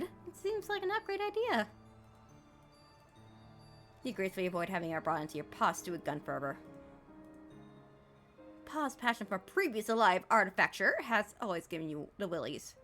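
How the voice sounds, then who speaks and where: A woman streamer reads game dialogue aloud, her voice bright and crisp. She jumps all over her range as she teases the text in an animated, playful way, with soft game music behind her. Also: medium pitch, normal speed.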